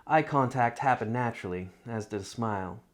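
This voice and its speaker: A man reading his own literary love story aloud in a measured, reflective first-person narration. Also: medium pitch.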